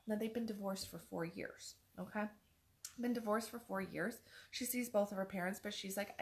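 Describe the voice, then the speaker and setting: A woman's voice: medium pitch, normal speed. A woman life coach giving a chatty motivational talk, repeating her points for emphasis. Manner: chatty, acts out other people's words.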